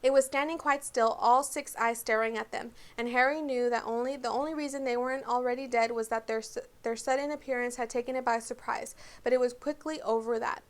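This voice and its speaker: A woman reading a children's novel aloud for a book club, steady with small slips. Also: on the high side, brisk, hardly any pauses.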